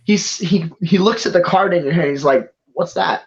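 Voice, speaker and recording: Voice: mid-range voice, normal speed, breathy edge. A game master narrating a tabletop game in a rambling, casual way with many restarts. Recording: dull lo-fi recording.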